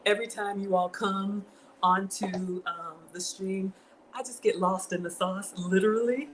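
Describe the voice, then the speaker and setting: In an unhurried, fairly even mid-range voice, a middle-aged Southern US woman streams herself cooking in her home kitchen, chatting casually with viewers. She reads their comments aloud and greets them by name, and the background is noisy.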